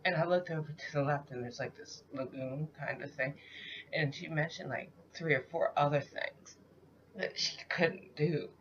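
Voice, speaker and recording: A woman giving a raw, halting account of a dream she just had, rambling and full of fillers. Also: low voice, a little hiss or hum. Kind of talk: raw spoken dream recount. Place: at home, in the middle of the night. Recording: dull lo-fi home recording.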